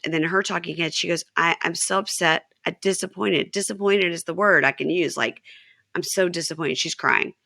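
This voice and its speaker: A woman's voice: on the low side, fairly even intonation, normal speed, vocal fry, sharp tone, dry recording, clean studio sound. A woman hosting a podcast, chatting casually and retelling show scenes with quoted lines. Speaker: podcast host. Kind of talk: casual chat recapping a reality show.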